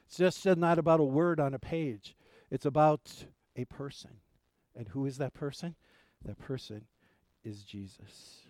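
Male pastor, sermon delivery, emphatic swells and soft fading endings, mellow dark tone, dry close sound. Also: mid-range voice, a little slow, dry recording. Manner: emphatic preaching, dropping to soft endings and rising for stress.

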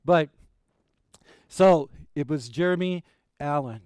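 A man's voice: a little high, slow, darkish tone, smooth, no echo, studio quality. A middle-aged male pastor preaching a sermon, telling family stories in a folksy, rambling way with many fillers.

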